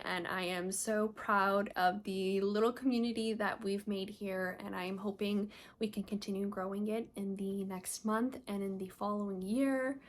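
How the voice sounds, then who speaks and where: A young woman talking casually to her camera about the books she read this month. Her voice sits at an ordinary middle pitch, and she gushes openly about stories that moved her. She rambles in a friendly way, with plenty of "um" and "I don't know" along the way. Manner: gushing, emotional, chatty with fillers. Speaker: book vlogger. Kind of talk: casual book review vlog.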